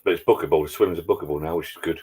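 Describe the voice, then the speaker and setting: A man's voice: a bass voice, rapid-fire, a little mellow, slightly rough. A man hosting a casual live stream from his garden bar, chatting with viewers, reading their messages and trading cheeky jokes.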